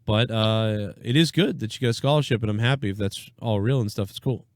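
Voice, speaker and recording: A man's voice: lowish voice, a little fast, no room sound, studio quality. A young man hosting a live reaction stream, talking bluntly and sarcastically, with plenty of swearing. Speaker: live-stream show host. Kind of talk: casual political reaction stream.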